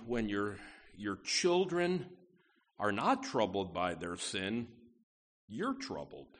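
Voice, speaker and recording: A man's voice: medium pitch, a bit bright. A man preaching a conversational sermon in a folksy way, full of asides and stressing key words. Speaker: pastor.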